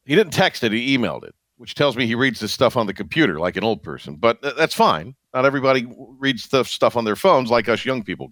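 A man's voice: medium pitch, a bit bright, no room sound. A man hosting a sports radio show, chatting casually with wry asides and lots of self-interruptions. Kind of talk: casual sports talk chat. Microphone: studio microphone.

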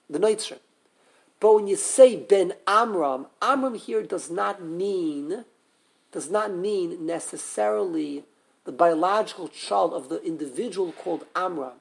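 A man teaching a live Torah class, animated and full of questions to the students, often restarting his sentences. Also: high voice, measured pace, vocal fry, slightly rough.

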